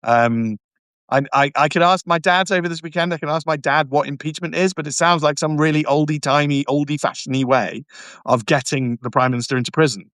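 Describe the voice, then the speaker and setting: Emphatic man talking fast and close. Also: on the high side, a bit bright, no echo. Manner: emphatic, repetitive, stumbles and restarts often; mocking, sarcastic asides. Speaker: barrister hosting a live stream. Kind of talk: live stream talk answering viewer comments.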